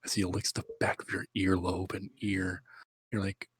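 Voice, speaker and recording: A man's voice: sits low, monotone, normal speed, a little hiss or hum. A man telling a rambling, crude, improvised comic story, often breaking into laughter.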